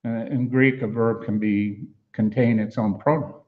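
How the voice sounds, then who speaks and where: A man's voice: lowish voice, fairly even intonation, a little slow, narrow, tinny audio. A man preaching an expository sermon in a conversational way, with frequent fillers and restarts as he explains grammar. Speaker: pastor.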